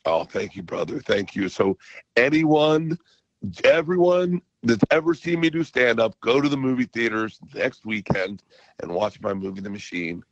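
Excitable man telling stories, muffled line. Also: lowish voice, vocal fry, no echo. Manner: excitable storyteller, loud impressions. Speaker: comedian guest. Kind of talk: casual radio interview.

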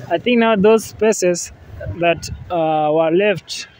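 A man casually narrating a travel vlog outdoors by a river. He talks in a relaxed way, repeats himself, and often says "yeah, man.". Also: sits high, slow pace, rough recording. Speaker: vlogger. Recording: faint outdoor noise.

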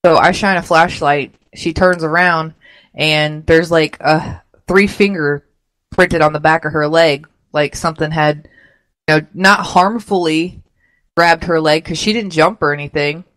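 Radio co-host, woman, mid pitch, chatty and easy laugh, dry sound. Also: steady tone, measured pace, fairly bright tone, dry recording. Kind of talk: casual radio chat.

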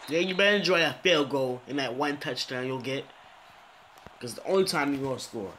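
A young man giving frustrated gameplay commentary, swinging between low muttering and exasperated, swearing outbursts. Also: lively intonation, brisk, fairly bright tone, a little hiss or hum. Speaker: gaming commentator.

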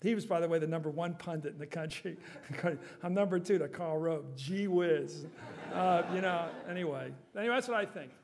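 A man answering audience questions at a forum, emphatic and animated, quick to joke. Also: on the high side. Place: university forum hall.

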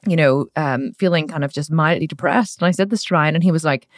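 A woman's voice: low voice, no echo, clean studio sound. Chatty woman podcaster. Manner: frank, chatty, swears, quick asides. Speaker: podcast host. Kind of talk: candid personal monologue.

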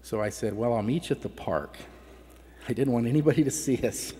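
Speaking a little fast in a mellow, medium-pitched voice, a middle-aged conference speaker shares an emotional personal testimony, his voice catching at times. The recording from a large conference hall has long reverb and slight background noise.

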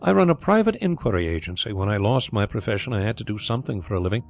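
A man voicing a proud, brisk former solicitor who talks bluntly and bristles quickly. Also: on the low side, big pitch swings, creaky, soft background music.

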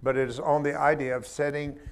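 A man leads a spiritual class in a loose, sermon-like style. His voice sits a little high for a man, and he talks with conversational emphasis and the odd joking aside. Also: flat delivery, fairly quick, clean tone. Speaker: spiritual teacher.

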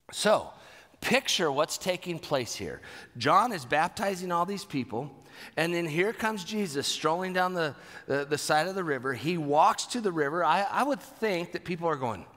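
A middle-aged man preaching a sermon as pastor, animated and repeating words for emphasis. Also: on the high side. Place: church sanctuary. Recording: long hall reverb.

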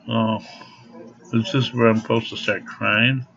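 A man's voice: lowish voice, flat delivery, measured pace, gravelly, a bit bright, a little hiss or hum. A man ranting angrily to camera at home in a vlog, cursing freely and laughing through his anger. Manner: profane, angry ranting. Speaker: vlogger. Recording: dull lo-fi recording.

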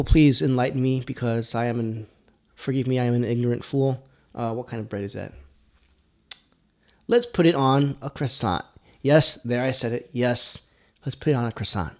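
A man's voice: medium pitch, a little mellow. A man hosting a food podcast, talking in a rambling, playful way with lots of fillers and a put-on country drawl. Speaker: podcast host. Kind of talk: casual food podcast monologue.

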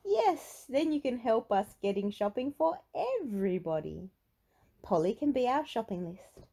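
A woman voicing a kindly old grandmother pig in a gentle sing-song voice. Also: on the high side, big pitch swings, unhurried, gravelly, pitched above the performer's own voice, exaggerated voice.

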